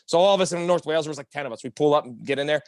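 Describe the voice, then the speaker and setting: A man's voice: a little high, dry recording, clean studio sound. A man telling wild party stories in a casual, profane podcast chat, acting out the quotes as he goes. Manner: fast, profane, animated storytelling with acted-out quotes.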